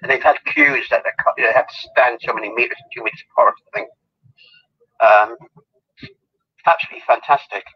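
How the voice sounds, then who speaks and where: A man's voice: mid-range voice, fairly even intonation, fairly quick, pauses often, breathy edge. A man, a guest telling rambling, giggly anecdotes in a casual interview, over muffled call audio. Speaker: guest, celebrity lookalike.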